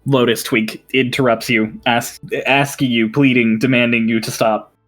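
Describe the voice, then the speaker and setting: A man running a tabletop game as game master, setting scenes in a hushed, unhurried way. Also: medium pitch, flat delivery, soft background music.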